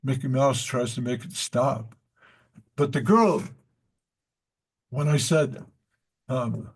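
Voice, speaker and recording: Slow, gravelly-voiced male teacher. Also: medium pitch. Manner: rambling, with many fillers and asides. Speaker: teacher of a devotional study class. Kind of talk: unhurried spiritual class talk with stories.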